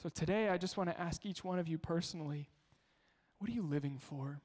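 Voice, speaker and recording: Pastor, male, fairly high voice, storytelling sermon with rhetorical questions, echoing in a big hall. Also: brisk, a little mellow. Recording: long hall reverb.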